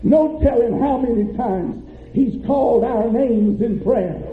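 A man preaching as pastor, telling a story with mounting fervor and drawn-out emphasis. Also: very high-pitched, a little hiss or hum. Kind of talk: sermon. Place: church sanctuary. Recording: echoey church, tinny phone-like audio.

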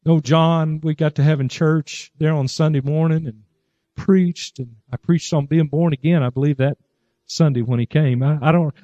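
Fervent high-voiced preacher with a dull sound. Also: male voice, fairly even intonation, moderate pace, dry recording. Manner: preaching fervently, rising to shouts of praise. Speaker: pastor. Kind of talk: sermon. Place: church service.

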